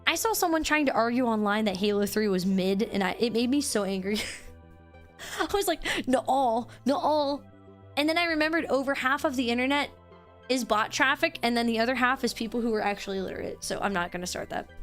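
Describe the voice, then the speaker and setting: High, lively bubbly woman streamer. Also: fast talker, faint music behind. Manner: bubbly, squeals and sing-song greetings. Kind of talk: casual live-stream chat.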